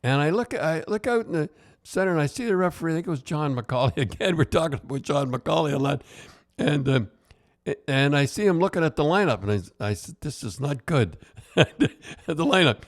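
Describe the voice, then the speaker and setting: A man's voice: fairly high pitch, animated, brisk. An older man, a podcast host and retired hockey coach, telling casual stories in a rambling way with many restarts. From Canada. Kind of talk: casual storytelling.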